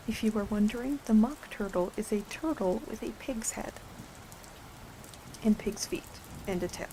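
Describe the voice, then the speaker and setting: A woman reading a storybook aloud as soft ASMR storytelling, with gentle, chatty asides, on a close microphone. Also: mid-range voice, moderate pace, a little hiss or hum, low-quality recording. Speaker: ASMR reader.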